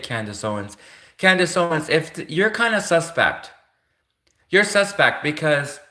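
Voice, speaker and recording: A man's voice: mid-range voice, pushed and bright. A man hosting a livestream, ranting casually and repeating himself as he speaks straight to the person he is calling out. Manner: repetitive, keeps addressing his target directly. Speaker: livestream host.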